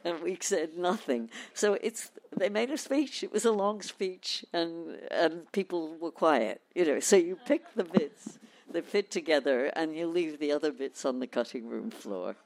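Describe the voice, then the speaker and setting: Man, panel guest, measured explaining, slightly high voice. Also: expressive. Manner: measured, restarts phrases, acts out quotes.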